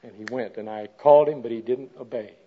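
A man telling a homespun story as part of a sermon, chatty and plain, breaking into loud animated exclamations. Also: medium pitch, fast. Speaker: speaker at a women's gathering. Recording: dull lo-fi recording.

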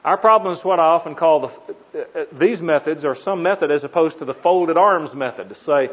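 A man's voice: on the high side, brisk, few pauses, a bit bright. A man preaching a teaching sermon, earnest, leaning hard on single words for emphasis. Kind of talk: teaching sermon on Bible meditation. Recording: dull lo-fi recording.

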